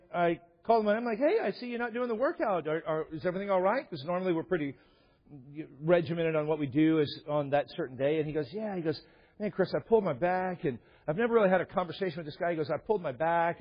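A male pastor preaching a sermon, asking his congregation earnest, direct questions. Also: a little high. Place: church sanctuary. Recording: dull echoing church hall.

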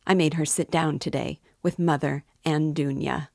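A woman's voice: sits low, fairly even intonation, moderate pace, gravelly, darkish tone, dry recording, clean studio sound. Woman reading as a curt, defiant young man.

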